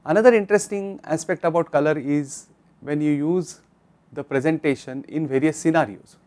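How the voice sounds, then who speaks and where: An Indian English-accented man teaches a recorded online course lesson. His voice sits a little high, and he speaks instructively, often turning to address the viewer directly. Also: normal speed, darkish tone. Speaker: lecturer.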